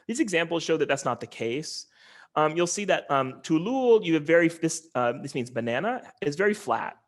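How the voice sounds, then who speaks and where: A man with a slightly higher-than-usual voice gives an online academic lecture. He explains step by step, pausing often with ums and restarting sentences as he goes. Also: lively intonation, a bit bright. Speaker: linguistics professor giving a lecture.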